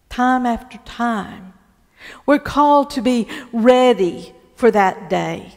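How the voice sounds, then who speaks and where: A woman pastor delivers a sermon in a slow, deliberate way, often doubling back on her words. Her voice sits a little higher than most. The sound carries the long reverb of a large church hall. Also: animated, a little mellow. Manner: slow, deliberate preaching with frequent repeated words.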